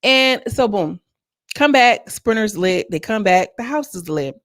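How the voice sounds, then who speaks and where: A young adult woman giving a casual, gossipy recap of a reality show, animated and full of slang. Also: mid-range voice, a little slow, no room sound, clean studio sound. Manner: animated, slangy, acts out quoted lines.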